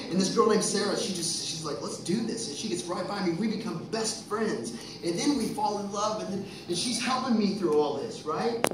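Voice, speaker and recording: Speaking into a stage microphone before a live crowd, a Texan musician in his thirties launches into a rambling, profane story between songs and gets increasingly riled up. His voice is high-pitched and expressive, moving at a moderate pace against background noise. The concert recording sounds echoey and distant.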